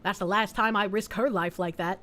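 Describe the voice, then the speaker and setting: A woman voicing a worried neighbor, an anxious parent, speaking in a low, confiding way. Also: fairly even intonation, brisk, fairly bright tone, faint music behind, close to an everyday voice. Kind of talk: game character voicing.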